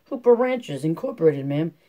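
A man's voice: a little high, sing-song, moderate pace, warm tone. A man voicing a small, sly store clerk who giggles and talks in a glib drawl.

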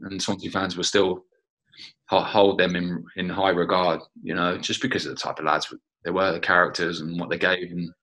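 A man's voice: sits low, level tone, moderate pace, bright, forceful tone, rough recording. A man reminiscing about a former teammate in an interview, chatty and full of "you know" fillers.

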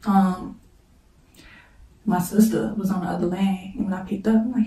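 A woman telling a painful personal story in a halting way, holding back tears, repeating herself and pausing to pray. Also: medium pitch, fairly even intonation, mellow, a little hiss or hum. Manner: halting, repeats "like", prays between passages. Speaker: storyteller vlogger. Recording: roomy, echoey room mic set at a distance.

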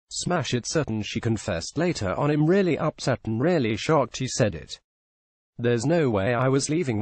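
Flat-reading man in a dry booth. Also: mid-range voice, no echo. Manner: flat, repetitive reading with lines repeated. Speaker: news reader. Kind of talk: read-out news narration.

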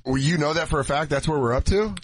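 A man's voice: fairly high pitch, fast talker. A man in his thirties co-hosting a podcast, trading crude jokes in casual comedic chat. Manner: crude, joking banter. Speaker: podcast co-host.

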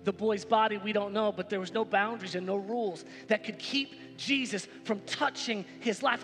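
Male pastor with a very high, sharp voice, preaching emphatically in a reverberant church hall with music underneath. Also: normal speed, hardly any pauses, a faint crowd. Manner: emphatic, repetitive preaching with rising exclamations. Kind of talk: sermon. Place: church sanctuary.

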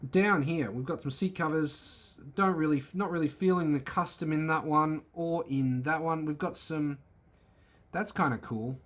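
A man's voice: a little high, a little slow, a bit bright. A man hosting a car channel, giving laid-back, wry, opinionated commentary as he flips through a magazine.

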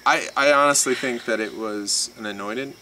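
A man's voice: mid-range voice, normal speed, bright, forceful tone, slight background noise, poor audio. A man co-hosting a casual couple's video, adding short, matter-of-fact remarks. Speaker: co-host of a couple's channel. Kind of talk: casual chat.

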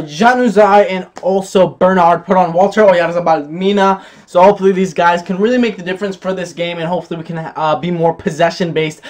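A young man commentating his own football video game match, excitable, calling his viewers boys and bursting into shouts at big plays. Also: high-pitched. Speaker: gaming YouTuber.

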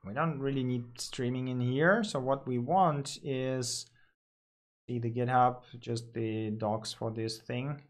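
A man's voice: medium pitch, fairly even intonation, slow pace. A man talking through live coding on screen, thinking aloud with fillers and self-corrections.

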